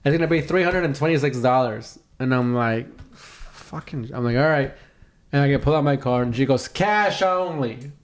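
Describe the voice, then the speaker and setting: A young man co-hosting a podcast, telling a long, animated story full of swearing and acted-out voices. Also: mid-range voice, a little fast. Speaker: podcast co-host. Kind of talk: casual storytelling.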